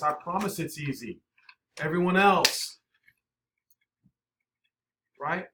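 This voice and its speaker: Bright-voiced male teacher in echoey classroom. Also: on the high side. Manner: brisk, coaxing, checks in with "all right?". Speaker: math teacher. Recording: echoey classroom, faint noise.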